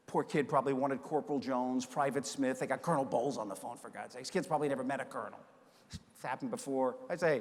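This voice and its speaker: An older man from the United States giving a storytelling keynote speech, animated and acting out the voices in his stories. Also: medium pitch, fast talker. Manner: animated, acts out quoted voices. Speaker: keynote speaker. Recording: long reverb of a large hall.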